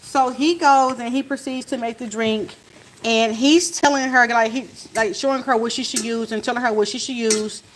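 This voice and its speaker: A woman with a somewhat high voice tells a story in a casual family vlog. She talks in an animated way and acts out each exchange as she retells it. Food sizzles faintly in a pan in her kitchen. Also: moderate pace, a little hiss or hum, poor audio. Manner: animated, acts out what was said. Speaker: family vlogger. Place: home kitchen while cooking. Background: faint sizzle of frying food.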